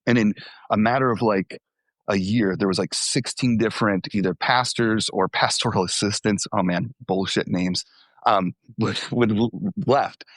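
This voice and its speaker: A man's voice: fairly low pitch, fairly even intonation, normal speed, fairly bright tone, no echo. A young adult man, a former youth pastor, telling candid stories in an interview, with fillers and restarts.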